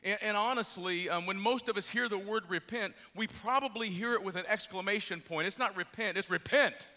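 Middle-aged pastor guy preaching, high bright voice, kinda jet lagged, cracks jokes, big church reverb. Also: brisk. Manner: lively, joking, conversational preaching. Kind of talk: sermon. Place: large church with balcony. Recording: long church hall reverb.

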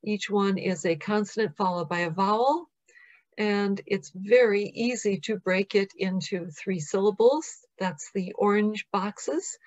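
A woman with an American accent, a professor giving a recorded academic lecture in a measured, explanatory way, reading out example words slowly. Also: mid-range voice, a little mellow. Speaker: professor presenting.

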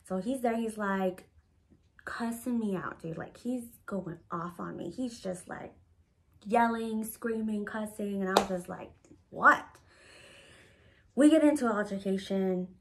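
A woman recounting a personal story straight to camera for her viewers. She talks in a loose, lively way, cursing often and leaning on "like" between phrases. Her voice sits at an ordinary middle pitch for a woman. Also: a little slow, slight background noise. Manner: animated, profane, heavy use of "like". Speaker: storytime vlogger. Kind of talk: casual storytime.

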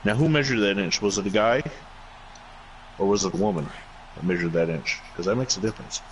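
A man's voice: fairly low pitch, fairly quick, a little hiss or hum, low-quality recording. A man streaming a football video game on a headset, chatting casually and cracking wry jokes. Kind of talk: casual gaming chat.

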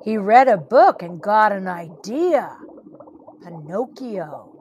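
A woman reading a children's picture book aloud with expressive, animated storytelling. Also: mid-range voice, slow pace, muffled recording, slight background noise.

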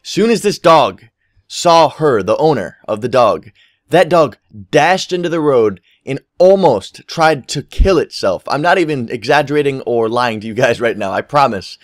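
A gaming commentary YouTuber, a young man with a medium-pitched voice, tells a rambling story over gameplay, swearing freely and acting out what people said. The audio is studio quality with no room sound.

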